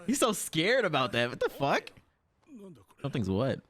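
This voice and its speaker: A man reacting to an anime episode in casual commentary, swearing and laughing often and jumping into high yelps when startled. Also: wildly swooping pitch, moderate pace, fairly bright tone. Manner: frequent laughter and profanity.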